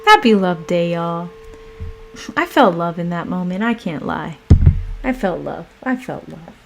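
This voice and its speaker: A woman's voice: on the low side, vocal fry, over music. An American woman hosting a livestream, chatting casually and reading a meditation aloud. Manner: relaxed, chatty, slow and drawn out. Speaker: livestream host.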